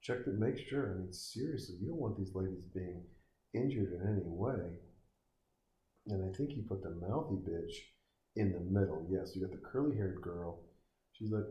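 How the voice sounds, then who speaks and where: The sound is lo-fi and echoey as a man with a low voice talks at a normal pace. While watching a film, he ridicules it with crude, sarcastic jokes and profane asides directed at the screen.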